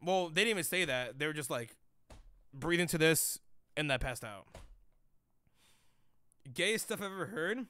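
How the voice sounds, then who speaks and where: A man's voice: a little high, normal speed, long pauses, clean tone. Profane, joking young male streamer. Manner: profane, joking, animated storytelling. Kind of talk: casual livestream chat.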